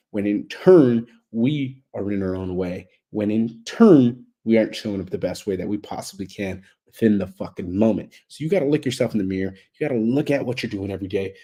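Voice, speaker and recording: A man's voice: on the low side, fast talker, dark tone, breathy edge. A man delivering a blunt, heavily profane motivational monologue, hammering his points with repetitive emphatic build-ups. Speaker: motivational speaker.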